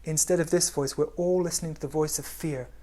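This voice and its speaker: A man giving a spiritual talk in a gentle, unhurried way, often dropping to a hush. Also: on the high side, fairly even intonation. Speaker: spiritual teacher.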